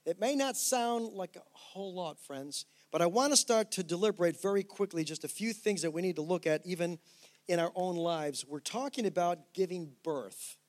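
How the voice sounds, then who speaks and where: A middle-aged man, a pastor, preaching a sermon and telling a personal story with lively, animated restarts. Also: high voice, moderate pace.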